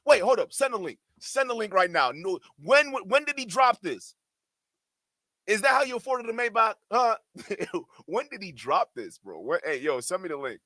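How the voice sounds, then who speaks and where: A man reacting to clips on a stream, excitable and mocking, often repeating himself and swearing. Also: high voice, normal speed, no room sound. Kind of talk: casual reaction commentary.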